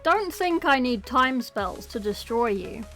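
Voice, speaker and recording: A woman's voice: a little high, expressive, unhurried, a bit bright, faint music behind. A woman reading aloud and voicing a boastful, gloating ancient male schemer in a storybook reading. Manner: gloating, theatrical.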